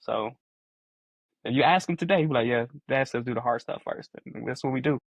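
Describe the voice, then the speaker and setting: Earnest guy in his 40s on a podcast, mid pitch, repeats himself a lot, dry close mic. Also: brisk, dry recording. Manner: earnest, repeats phrases while explaining. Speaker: podcast co-host. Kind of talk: casual podcast chat.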